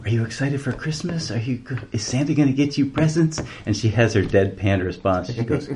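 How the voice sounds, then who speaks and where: A man's voice: mid-range voice, a little fast, a little mellow. A man leading a casual group Bible study, chatty and telling stories between verses. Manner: chatty, storytelling, laughs easily. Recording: noisy amateur room recording.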